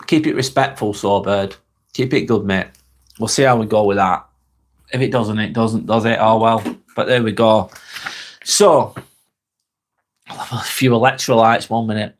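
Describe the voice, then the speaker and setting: A man's voice: fairly low pitch, steady tone, moderate pace, pauses often. Rambling English man on a live vlog. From England. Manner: rambling, repeats himself, frequent ums. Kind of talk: casual live-stream chat reading comments. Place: spare bedroom. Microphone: wireless clip-on mic.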